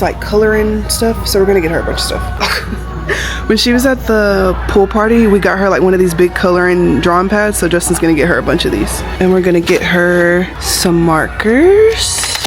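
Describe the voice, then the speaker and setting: A woman, chatting casually in a vlog. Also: mid-range voice. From Alabama. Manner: chatty, animated storytelling with acted-out quotes. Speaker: vlogger.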